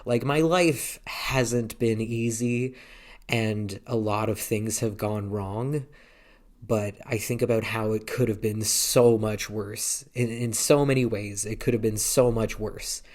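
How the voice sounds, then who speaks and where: A man's voice: fairly low pitch, steady tone, slow, a little mellow. A man in his thirties talking casually to a handheld camera, hesitant and rambling, with many restarts. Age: 30s. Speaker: vlogger. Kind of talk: casual vlog talk.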